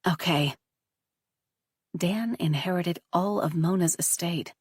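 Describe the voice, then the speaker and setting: A woman narrating a story in a steady, even audiobook reading. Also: lowish voice, normal speed, slightly rough, no echo, studio quality.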